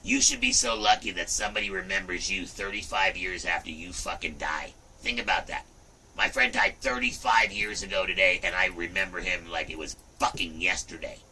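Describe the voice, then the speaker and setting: A middle-aged man hosting a livestream, talking in a rambling, profane way with loud outbursts. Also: sits low, lively intonation, fairly quick, far from the mic, a little hiss or hum. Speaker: livestream host. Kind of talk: rambling casual livestream chat.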